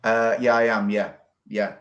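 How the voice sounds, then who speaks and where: A man's voice: lowish voice, flat delivery, a little slow, fairly bright tone, muffled recording, soft background music. A man talking football as a podcast guest, earnest and rambling, with colourful phrasing. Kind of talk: casual football podcast chat.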